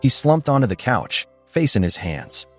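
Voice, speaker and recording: A man giving scripted, expressive narration of a first-person story. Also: medium pitch, moderate pace, faint music behind.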